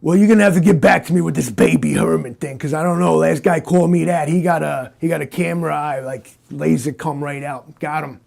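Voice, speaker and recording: Brief: man putting on a brash, gravelly-voiced male cyborg posing as a hard-boiled detective; talks down to people, pitched up. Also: a little fast, hardly any pauses, a little mellow. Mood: scolding. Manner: boastful, condescending, tough-guy talk. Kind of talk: improvised comic interview.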